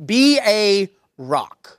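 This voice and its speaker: A woman's voice: mid-range voice, big pitch swings, very slow, dry recording, clean studio sound. A woman pastor preaching a sermon, emphatic and repeating key phrases for force.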